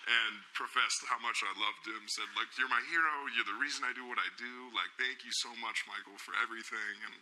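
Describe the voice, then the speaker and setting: A man's voice: mid-range voice, steady tone, fairly quick, few pauses, bright, forceful tone, rough recording. A man in his thirties, a talk show guest, telling a rambling, self-mocking anecdote full of fillers and restarts in a TV studio. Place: TV studio with audience.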